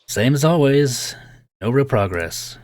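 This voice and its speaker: A man's voice: mid-range voice, expressive, takes it slowly, a little mellow. A man voicing a cocky young man, a doctor's son, with a Southern accent and a brash teasing manner.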